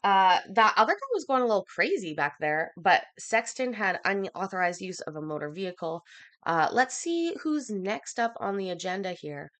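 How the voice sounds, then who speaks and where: Slightly hoarse woman chatting on a livestream. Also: medium pitch, very animated, moderate pace, fairly bright tone. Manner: chatty, filler-heavy, reads out viewer comments. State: coughing, a bit out of breath. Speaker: livestream host. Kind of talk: casual livestream chat.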